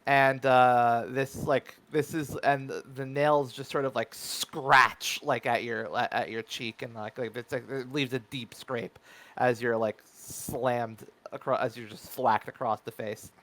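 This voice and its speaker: A man narrating a tabletop game as game master in a rambling, filler-heavy way. His voice is gravelly and bright. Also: mid-range voice, steady tone, a little slow, rough recording.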